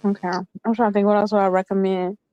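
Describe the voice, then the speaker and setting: A woman's voice: medium pitch, level tone, fast, dark tone, dull audio. A woman in her thirties chatting casually as a call-in panelist, rambling with lots of fillers. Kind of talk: casual chat.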